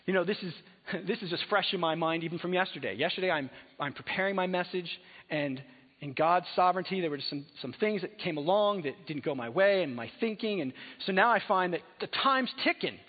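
A male pastor preaching a sermon in a conversational way, moving between soft, reflective passages and emphatic exhortation, in a large church hall. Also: sits high, lively intonation, a little fast, slightly rough. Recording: phone-like sound in a hall with long reverb.

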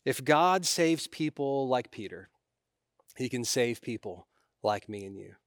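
A man's voice: medium pitch, expressive, unhurried, no echo. Earnest male preacher, dry close sound. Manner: earnest, rising in force on key lines and dropping to a hush. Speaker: pastor. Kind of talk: sermon.

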